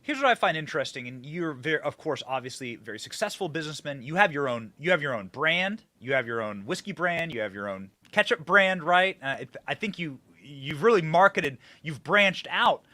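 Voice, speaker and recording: A man hosts a political podcast with a bright, lively voice that swings widely in pitch. He talks emphatically and punches his stresses. The sound is dry and close. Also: a little fast, few pauses, dry recording. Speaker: podcast host.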